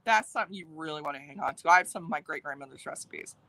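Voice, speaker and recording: A woman co-hosting a live whisky tasting, chatting in a relaxed, conversational way. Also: sits low, racing, no room sound. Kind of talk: casual live tasting chat.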